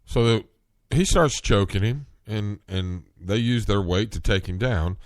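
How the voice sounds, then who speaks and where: Very deep slow-talking man, rambling. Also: no room sound, clean studio sound. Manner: slow, rambling, earnest, rising in pitch when worked up. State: coughing, clearing throat. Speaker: podcast host. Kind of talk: solo commentary podcast.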